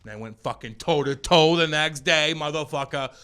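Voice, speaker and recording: A man's voice: fairly high pitch, normal speed, sharp tone, clean tone. A man co-hosting a podcast, telling crude stories in a profane, rambling way and acting out the voices of the people in them. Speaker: podcast co-host. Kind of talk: casual crude storytelling.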